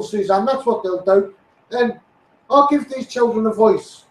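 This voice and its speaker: With a high voice at a measured pace, an English man of mixed Scouse-Essex accent delivers a passionate live-stream rant to followers, greeting them by name and repeating himself. The mic is distant, the room reverberant, and the audio poor.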